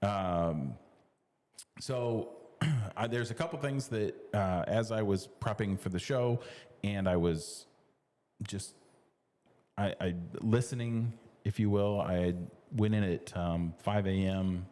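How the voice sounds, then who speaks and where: A man's voice: on the low side, takes it slowly, dark tone, long reverb tail. A middle-aged man co-hosting a casual talk show, talking in loose restarts with lots of fillers and easy laughs. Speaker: podcast co-host. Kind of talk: casual conversation.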